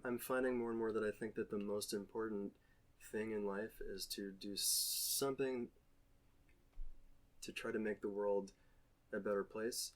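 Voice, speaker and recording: A man, an actor, talking as a podcast guest in a thoughtful, measured way, searching for words. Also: lowish voice. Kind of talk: casual podcast chat.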